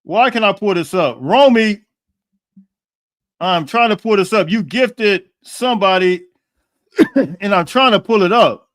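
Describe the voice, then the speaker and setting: A man hosting a podcast live stream in casual chat. He often repeats and restarts words, clears his throat and reads out viewer comments. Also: high-pitched, expressive, measured pace, pauses often. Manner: frequent throat clearing and coughs. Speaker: podcast host.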